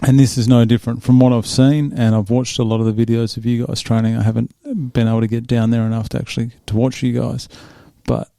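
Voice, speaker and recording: Gravelly man hosting a chat. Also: medium pitch, level tone, fast talker, hardly any pauses, mellow, no room sound. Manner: jokey, laughs often. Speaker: podcast host. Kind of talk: casual interview chat.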